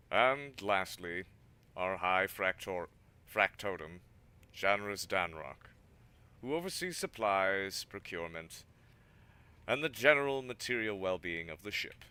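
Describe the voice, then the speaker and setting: A man's voice: low-pitched, expressive, measured pace, pushed and bright, smooth. A man streaming a game, reading its dialogue and narration aloud and tripping over some words. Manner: stumbles over words, adds asides. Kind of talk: reading game text aloud with character voices.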